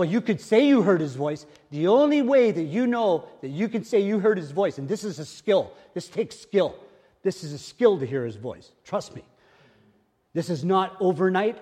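An older man preaching a sermon as pastor, repeating phrases and swinging from hushed murmurs to loud exclamations. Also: a little high, breathy edge, big-room sound. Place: church.

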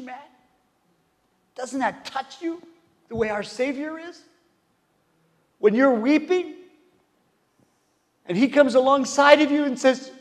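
This is a very high male voice delivering a sermon in a space with long hall reverb. He questions the congregation and swings from quiet whispers to forceful, emphatic calls.

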